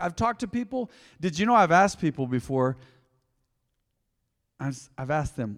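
A man preaching a sermon, telling a story and acting out the lines with lively swings in loudness. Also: mid-range voice, moderate pace, long reverb tail. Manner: animated preaching, acting out quotes. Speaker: pastor.

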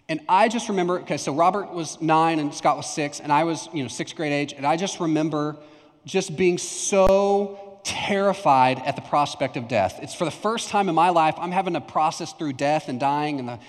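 Man preaching with a raised pitch. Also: moderate pace. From Texas. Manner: conversational storytelling, acts out remembered lines. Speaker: pastor. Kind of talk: sermon. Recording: long hall reverb.

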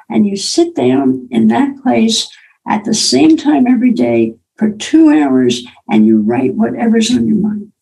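Older woman with a gravelly voice, telling stories. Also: a little high, animated, moderate pace, dark tone, low-quality recording. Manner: personal, anecdotal, acts out quoted dialogue. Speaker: author and speaker. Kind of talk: storytelling talk.

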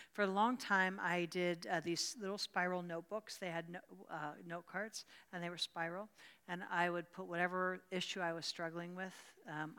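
A woman's voice: lowish voice, fairly bright tone, clear, resonant tone, in a large hall. An older woman from rural Pennsylvania teaching a church Bible study, fervent and repeating her words as she answers questions from the group.

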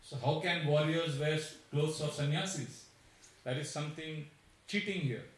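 A man's voice: fairly high pitch, moderate pace, natural voice. A man putting on a huge menacing demon. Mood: accusing. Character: huge ferocious male demon, boastful and menacing. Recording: very echoey room, voice from afar.

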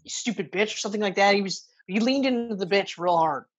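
A woman in a relaxed film chat, swearing freely and acting out lines from the movie. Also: medium pitch, fast, slightly rough, dull audio. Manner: casual, swears often, acts out movie lines. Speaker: podcast co-host. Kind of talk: casual movie review chat.

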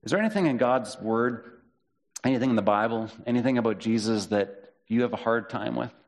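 A man preaching a sermon as pastor, in a conversational way, reading and paraphrasing scripture with lively quoted voices. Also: medium pitch, a little fast.

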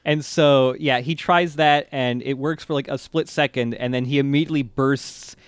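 A man's voice: mid-range voice, steady tone, normal speed, smooth. A man co-hosting a podcast, recapping an anime episode in casual, rambling chat, laughing and swearing freely. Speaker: podcast co-host.

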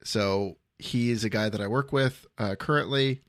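A man's voice: lowish voice, normal speed, a bit bright, dry recording, clean studio sound. A middle-aged man hosting a podcast on his own, talking casually with lots of ums and uhs. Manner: easygoing, full of ums and uhs. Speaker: podcast host. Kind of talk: casual solo podcast monologue.

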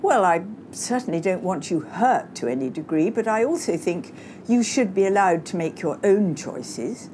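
A woman's voice: on the low side, lively intonation, normal speed, warm tone, slight background noise, lightly acted. A woman voicing the eldest daughter, distracted and offhand, half listening. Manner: absent, offhand. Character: eldest daughter, vague, detached, absorbed in phone.

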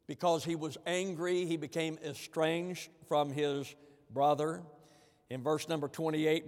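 A man preaching a sermon, slipping into the voices of the people in his story and swinging from quiet asides to loud declarations. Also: a little high, flat delivery, measured pace. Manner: acts out the angry elder brother in plain voice, from soft asides to loud. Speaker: pastor. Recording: long hall reverb.

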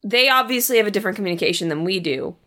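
A woman's voice: medium pitch, animated, rapid-fire, a bit bright. A woman with a mid-range voice co-hosts a casual movie podcast. She asks questions and speaks candidly, with easy, casual swearing. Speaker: podcast co-host.

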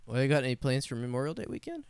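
A man's voice: mid-range voice, big pitch swings, rapid-fire, clear, resonant tone, dry recording. A man co-hosting a podcast, joking and bantering in casual chat. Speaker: podcast co-host.

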